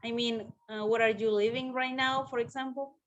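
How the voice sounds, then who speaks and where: Mexican woman host, fairly high voice. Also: moderate pace, dull audio. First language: Spanish. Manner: chatty, lively questions, laughs. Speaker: interview host. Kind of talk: casual video-call interview.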